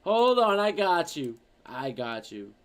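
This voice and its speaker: A man streaming, chatting casually and reading out viewer comments in an animated, rambling, profane way. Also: a little high, slow.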